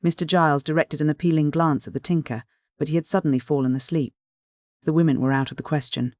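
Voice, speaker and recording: A man narrating a classic novel as an audiobook reader, in a measured, even reading on a close mic. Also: on the high side, dry recording.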